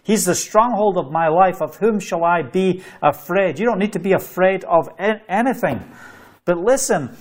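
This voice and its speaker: A man with a high-pitched, animated voice preaches an online sermon at a normal speed. He's fervent and repeats phrases, reading scripture aloud between his own exhortations.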